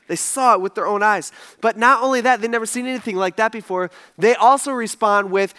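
A man's voice: sits high, fairly quick, hardly any pauses, pushed and bright, clear, resonant tone. A male pastor preaching a sermon in a conversational, storytelling way, often turning to ask the congregation questions.

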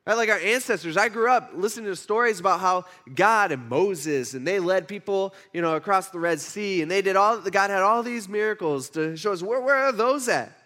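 A male pastor preaching in a relaxed, conversational way, with a high voice for a man. He tells the story with animation and keeps stopping to restart his sentences. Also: moderate pace, few pauses. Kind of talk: conversational sermon.

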